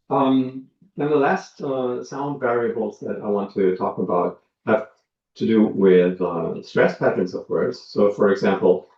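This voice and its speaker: Man giving a roomy lo-fi lecture. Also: fairly low pitch. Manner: measured, many ums and uhs, explains with examples. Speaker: linguistics lecturer. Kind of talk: academic lecture. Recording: dull lo-fi sound, roomy, from a distance.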